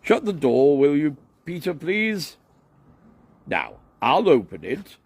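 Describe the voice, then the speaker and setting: A man voicing an excitable actor who keeps instructing and scolding a cat, in a raised, loud voice. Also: on the high side, slow, husky, dry recording, pitched above the performer's own voice, heavily acted. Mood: pleading. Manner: loud, exasperated. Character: excitable male actor directing a cat scene.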